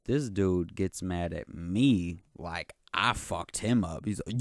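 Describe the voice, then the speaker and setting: A young man hosting his own podcast rants solo, telling a slangy, profane, boastful story that rambles and keeps circling back to "you know what I'm saying." His voice is low and a little slow with few pauses, recorded in studio quality with no echo.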